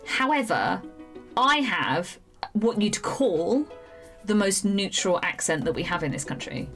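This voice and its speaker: A woman's voice: medium pitch, big pitch swings, fairly bright tone, soft background music. A woman from the United Kingdom, a live streamer and voiceover artist, chatting casually and rambling with frequent laughs. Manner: chatty, rambling, laughs often, slips into quick impressions. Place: home room at night.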